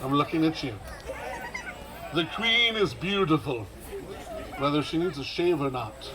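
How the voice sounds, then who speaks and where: A man's voice: fairly high pitch, sing-song, a little slow, noisy background. A man leading a crowd in live outdoor street theater, commanding and theatrical with dry sarcastic asides. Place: outdoor festival stage.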